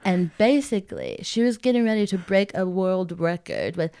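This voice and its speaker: A woman's voice: on the low side, huge pitch swings, normal speed, dark tone, clear, resonant tone. A woman from Texas, a comedian chatting as a guest on a podcast, rambling and self-deprecating, often laughing. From Texas, USA. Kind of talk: casual podcast chat.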